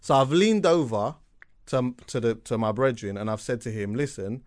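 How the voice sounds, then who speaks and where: A man telling a long story on a podcast in a lively, animated way, repeating words for effect and checking in with "yeah?". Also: mid-range voice, normal speed. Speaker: podcast co-host. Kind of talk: casual storytelling chat.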